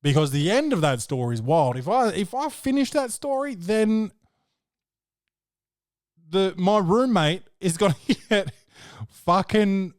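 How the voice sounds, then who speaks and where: A man's voice: high voice, big pitch swings, unhurried, pauses often, no echo. Man, podcast host, casual rambling chat, swears a lot, dry close sound. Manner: rambling, profane storytelling, peppered with "bro".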